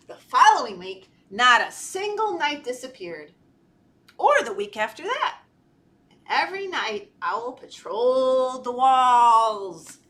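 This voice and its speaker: A children's librarian reads a storybook to toddlers in a high, bright voice, slow and very sing-song. She is playful and animated, stopping to ask the little listeners questions. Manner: animated, talks to children, gasps and laughs. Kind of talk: storytime read-aloud.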